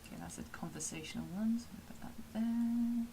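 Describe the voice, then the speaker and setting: A woman's voice: fairly high pitch, brisk, vocal fry, mellow, slight background noise. A woman from England with a Somerset accent, chatting casually on a live stream, rambling with many fillers and laughs. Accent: Somerset English. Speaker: streamer and voice actor.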